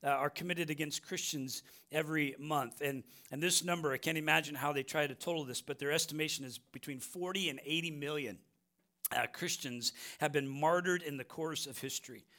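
A man's voice: fairly high pitch, a little fast, pushed and bright. A middle-aged American man preaching a sermon, emphatic, repeating phrases and asking "right?" often. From United States. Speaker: pastor.

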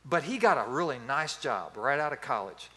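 A man in his fifties preaching a sermon as pastor, telling stories in an animated, playful way. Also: medium pitch, normal speed.

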